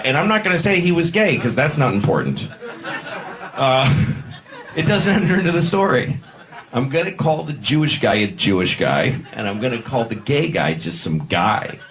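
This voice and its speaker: A man doing stand-up comedy, rambling and deadpan with halting restarts. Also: medium pitch.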